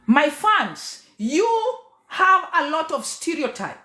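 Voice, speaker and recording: A woman who is a teacher, public speaker and MC talks passionately to her followers, emphatic and preacher-like, moving between loud and quiet. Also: sits high, sing-song, slow pace. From Kenya. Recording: echoey room.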